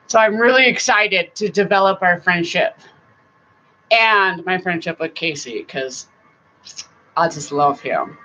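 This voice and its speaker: A middle-aged woman chats loosely on her live stream, rambling from topic to topic and laughing along the way. She talks at an unhurried, slow pace. The sound is dull and lo-fi, with a faint hiss underneath. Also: lowish voice, bright, forceful tone. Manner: chatty and rambling, often laughing and breaking into song. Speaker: vlogger hosting a live chat. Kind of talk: casual live-stream chat.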